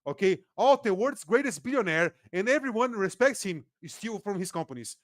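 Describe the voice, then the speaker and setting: A Brazilian-accented man talks politics in a casual podcast, sarcastic and animated, acting out the people he mocks. His voice sits high, and the sound is close and dry with no room around it. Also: moderate pace, dry recording. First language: Portuguese. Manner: animated, sarcastic, acts out quotes. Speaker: guest political commentator.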